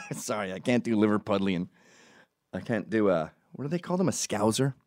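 A low-voiced man ranting into his own camera, his pitch swinging widely from grumbles to outbursts. He swears freely and slips into impressions of others. The sound is dry and close. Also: brisk, no room sound. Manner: animated, profane, ranting, mimics people. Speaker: vlogger.

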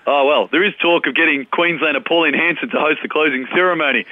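A man's voice: a little high, fast, no echo, close to an everyday voice. A man doing a cheeky ocker Australian sports star impression with a broad Australian accent, joking like a larrikin down a muffled phone line. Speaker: comic caller.

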